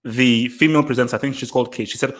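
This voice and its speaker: A man hosting a live football reaction stream, excitable, laughing often and repeating his words. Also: medium pitch, very fast. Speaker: football channel host.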